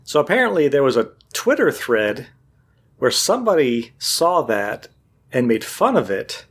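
A man's voice: mid-range voice, measured pace, husky. A man in casual chat, telling a long story and acting out what other people said. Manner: animated storyteller, acts out quotes.

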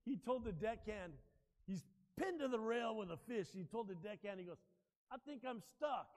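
A male pastor preaching a sermon, telling stories in an animated way and joking with his congregation. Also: high voice, moderate pace, big-room sound. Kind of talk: sermon with personal storytelling.

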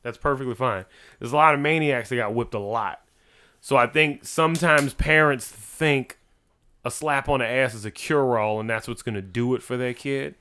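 Loud, animated young man with a smooth voice. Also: mid-range voice, normal speed. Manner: loud, animated, swears freely. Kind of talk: casual chat.

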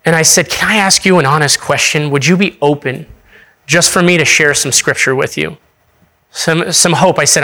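A man's voice: fairly high pitch, normal speed, sharp tone. A young adult man, an associate pastor, preaching in a casual storytelling way, laughing often and restarting his sentences.

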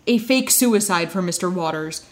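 A woman's voice: lowish voice, expressive. A woman co-hosting a podcast, recapping a TV episode in casual chat with wry asides. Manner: chatty, wry asides, quick quoted voices.

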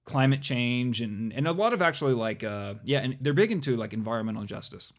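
A man chatting casually as a podcast co-host. He rambles and pokes fun at himself, circling his point through lots of ums and likes. His voice sits at an ordinary pitch for a man. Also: brisk. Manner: rambling, self-deprecating, full of fillers. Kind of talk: casual chat.

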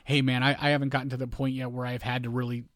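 A man's voice: medium pitch, level tone, racing, a bit bright, no echo, studio quality. A man co-hosting a podcast in casual chat, rambling and often restarting his sentences while he hunts for words. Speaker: podcast co-host.

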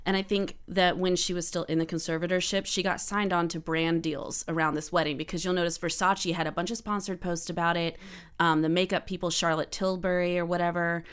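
Smooth-voiced woman guest, low pitch. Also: little pitch movement, a little fast. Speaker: guest, social media influencer and musician. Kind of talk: casual chat.

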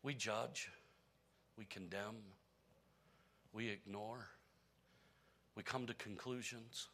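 A pastor preaching a sermon to his church, telling a story with big swings from quiet, hushed lines to loud, raised ones. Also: lowish voice, takes it slowly, vocal fry, pauses often, breathy edge.

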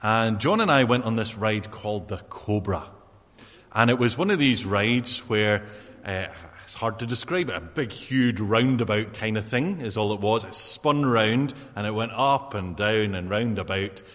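A man's voice: lowish voice, normal speed, fairly bright tone. Man preaching in an echoing hall. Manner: conversational, with fillers and asides. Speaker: pastor. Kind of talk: sermon. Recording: long hall reverb.

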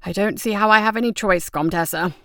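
A woman voicing a weary, tactful gentleman who keeps his manners restrained. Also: mid-range voice, brisk, background noise, natural voice. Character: weary polite gentleman, diplomatic.

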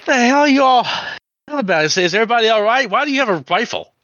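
A man's voice: extremely high pitch, expressive, fast, bright, forceful tone, no echo, lo-fi sound, pitched above the performer's own voice, full character voice. A man voicing a drunk, bitter uncle who stammers and jokes wryly. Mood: alarmed. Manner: stammering, jittery, wry.

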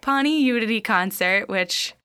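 A woman co-hosting a casual pop-culture podcast, riffing with playful, quick asides. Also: fairly high pitch, lively intonation, bright, forceful tone, clean tone. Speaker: podcast co-host.

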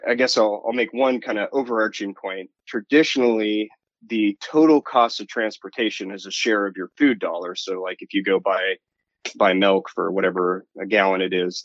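A man's voice: lowish voice, steady tone, brisk, a bit bright, dry recording. Rambling male analyst on lo-fi audio. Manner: rambling, restarts often. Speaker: industry analyst guest. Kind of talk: interview answer.

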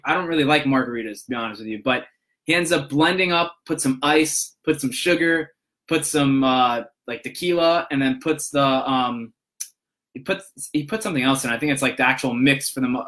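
A man's voice: mid-range voice, fairly bright tone. A young man casually telling a long, rambling story to his viewers, full of restarts and "he's like" quotes. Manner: rambling, many restarts and "I'm like".

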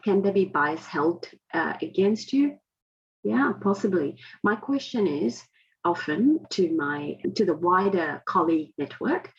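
A woman in her forties, speaking with an Indian-heritage accent that has softened into Australian tones. Her voice sits low with a gravelly fry, and she talks in an earnest, emphatic, reflective way. The audio is dull and lo-fi. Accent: Indian-heritage, adapted to Australian. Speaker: interview guest. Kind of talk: conversational interview storytelling.

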